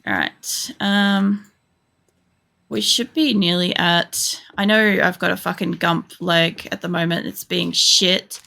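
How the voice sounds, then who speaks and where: Aussie woman gamer rambling on stream, gravelly voice, kinda bright and sharp, swears a lot. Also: lowish voice, fairly even intonation, slow. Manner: rambling and sweary, lots of fillers. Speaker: game streamer. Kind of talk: casual chat while gaming.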